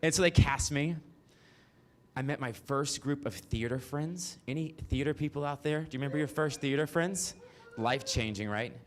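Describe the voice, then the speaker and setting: A Mississippi man in his 40s performs solo, telling his life story on stage as autobiographical stand-up. His fairly high voice moves at a normal speed, frank and profane with asides to the crowd, and there's slight background noise.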